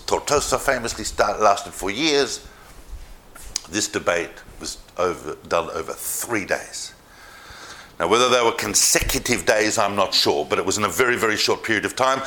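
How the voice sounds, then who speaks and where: A man giving a history lecture to a live audience, telling the story in an animated way and speaking directly to the listeners. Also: fairly low pitch.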